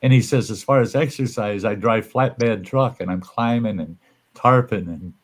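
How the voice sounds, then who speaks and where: A man's voice: on the low side, moderate pace. A man hosting a casual livestream chat, telling stories bluntly with plenty of swearing and acting out the people in them. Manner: blunt, profane, acts out the people in his stories. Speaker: livestream host.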